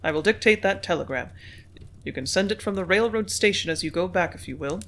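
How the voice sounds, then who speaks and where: A reader voicing a calm company manager. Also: medium pitch, brisk, natural voice. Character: business-minded company manager, man.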